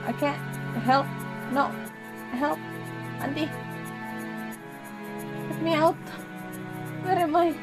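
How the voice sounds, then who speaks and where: A woman live streaming a game, reacting loudly and chatting with her viewers as she plays. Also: high voice, takes it slowly, pauses often, over loud music. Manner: animated, exclamatory, talks to chat while playing. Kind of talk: live gaming stream chat.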